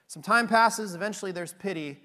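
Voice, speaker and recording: A man's voice: sits high, fairly quick, pushed and bright, long reverb tail. A man preaching a sermon, retelling a scripture story in a conversational way and checking in with frequent tag questions.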